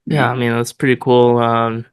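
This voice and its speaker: A man's voice: medium pitch, flat delivery, moderate pace, clean tone. A man hosting a podcast who chats in an easygoing, affirming way. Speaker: podcast host. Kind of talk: casual chat.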